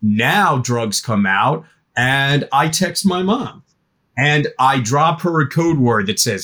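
This middle-aged man speaks slowly and at a medium pitch, yet his manner is lively. He's being interviewed on a podcast as an expert guest on parenting teens.

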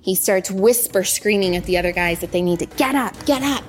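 A woman's voice: on the low side, brisk. A woman, a former aid worker, telling her own story in vivid first person and mostly in the present tense. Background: faint music.

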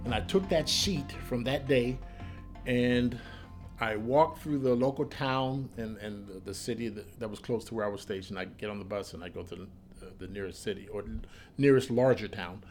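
Faint music plays behind a man with a lowish voice speaking at normal speed. He's an American ex-Army soldier and Korean linguist, storytelling in an interview with lively energy, acting out what people said and backing up to repeat or restart.

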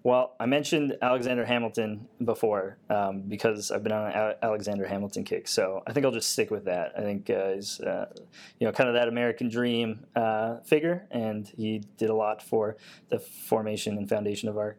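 A man with a fairly low voice answers interview questions in a relaxed, easygoing way. He often hesitates and fills his pauses with small filler words. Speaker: guest, Air Force technician.

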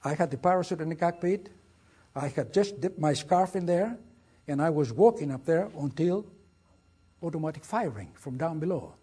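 Husky older Greek-accented man telling war stories. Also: a little high, normal speed. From Greece. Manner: lively, dramatic storytelling with acted quotes. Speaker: guest speaker. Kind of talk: storytelling lecture.

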